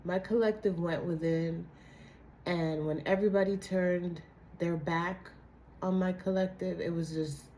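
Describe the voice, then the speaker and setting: Raspy, hoarse woman, low-ish voice, casual blunt tarot reader talking to her viewers. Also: fairly even intonation, unhurried, mellow, slight background noise. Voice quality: dry, raspy voice. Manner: blunt, chatty, slangy. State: hoarse from a cold. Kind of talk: casual tarot reading to camera.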